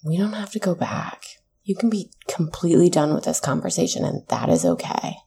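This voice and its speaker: A woman's voice: lowish voice, sing-song, a little fast, gravelly, dark tone, a little hiss or hum. A woman, a mother in her thirties, earnestly telling a personal story in a casual chat, swearing now and then when heated.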